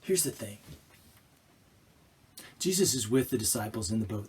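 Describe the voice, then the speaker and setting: A male pastor preaching a sermon in an animated way, acting out scenes and restarting phrases mid-sentence. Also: fairly low pitch, normal speed, long pauses, husky. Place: church.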